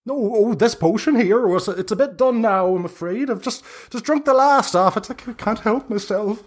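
A man voicing a fussy, flustered old female hag who peddles potions, with a shrill high voice. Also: moderate pace. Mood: chattering.

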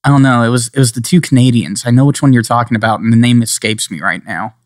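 A man's voice: medium pitch, steady tone, fast talker, no echo, studio quality. A man co-hosting a podcast in casual, joking chat, rambling and sometimes slipping into playful put-on accents. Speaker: podcast co-host.

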